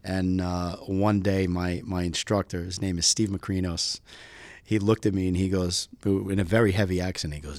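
A man's voice: low-pitched, normal speed, no echo, studio quality. A man from the US East Coast, a police aviation lieutenant telling stories as a guest and laughing often. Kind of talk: storytelling interview answers.

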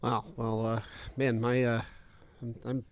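A man's voice: medium pitch, flat delivery, unhurried. A man hosting a podcast interview in a studio, hesitant with many fillers. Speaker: podcast host. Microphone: studio mic.

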